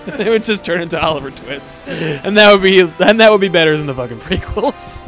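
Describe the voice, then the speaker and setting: A man's voice: sits high, expressive, fairly quick, a bit bright, faint music behind. A man co-hosting a podcast in loose, rambling casual chat, giggling and swearing often. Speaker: podcast co-host.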